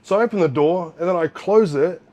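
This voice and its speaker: A middle-aged man from New Zealand, a former fighter, telling a story in casual chat, animated and swearing often. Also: sits high, brisk.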